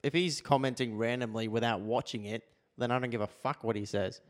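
A man's voice: medium pitch, fairly quick. A man co-hosting a casual podcast, talking in a dry, matter-of-fact way. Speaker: podcast co-host. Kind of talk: casual chat.

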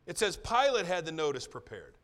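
A middle-aged man preaching a sermon as pastor, dropping to soft, near-whispered asides and then building to loud, emphatic repetitions. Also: a little high, sing-song, fairly quick.

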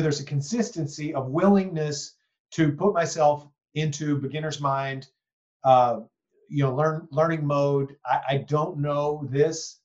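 A man's voice: on the high side, lo-fi sound. Rambling reflective male podcast host. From East Texas. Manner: reflective, rambling, many "you know"s and "right?". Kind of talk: conversational interview.

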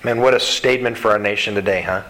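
A man preaching a sermon as pastor, earnest and animated, with quick asides between scripture readings. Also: lowish voice, rough recording.

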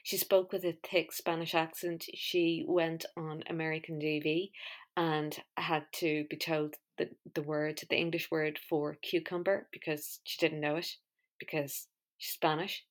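A woman's voice: low voice, level tone, unhurried. A woman hosting a podcast in a chatty, wry, self-mocking monologue. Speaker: podcast host. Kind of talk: casual monologue.

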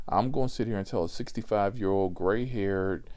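A man telling a comic story on his podcast, profane and animated with a drawling delivery. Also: mid-range voice, brisk, hardly any pauses.

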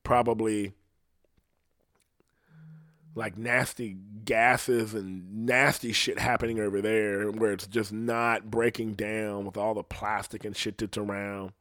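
A podcast host delivers a rambling, profane, casual rant, often asking "you know what I mean." His voice is on the low side, flat, slow and a bit bright, recorded on a close mic in a small room with no echo.

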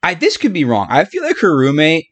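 A man's voice: a little high, wildly swooping pitch, a little fast. A man hosting a casual podcast who keeps breaking into laughing fits. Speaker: podcast host. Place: in-person podcast room.

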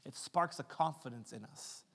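A man preaching a sermon as a pastor. He retells Bible stories in a conversational way, acting out the characters, then builds to loud, impassioned climaxes. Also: mid-range voice, moderate pace, gravelly. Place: church sanctuary. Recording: long hall reverb with faint music. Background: faint keys or guitar.

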